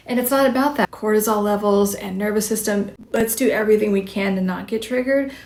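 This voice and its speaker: A woman's voice: medium pitch, fairly even intonation, moderate pace, gravelly, darkish tone. A woman psychology coach giving direct, conversational advice on a livestream, with many casual fillers. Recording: roomy echo.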